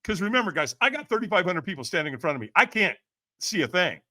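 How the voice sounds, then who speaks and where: Full of energy, a podcast guest tells a story in an animated way, performing the voices of the people he quotes, laughing a lot, and saying "man" and "right?" over and over. He speaks fast, and his high-pitched voice is sing-song with a sharp tone.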